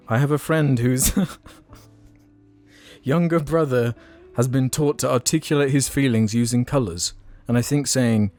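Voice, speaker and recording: A man's voice: medium pitch, measured pace, a little mellow, faint music behind. A young man co-hosting a podcast, casual and jokey, laughing a lot and reading out listener questions. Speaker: podcast co-host. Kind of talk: casual chat.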